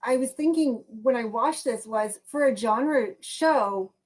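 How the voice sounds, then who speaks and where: A woman's voice: a little high, slow, darkish tone. A woman hosting a podcast, telling stories in a chatty way with many restarts. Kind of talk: casual podcast chat.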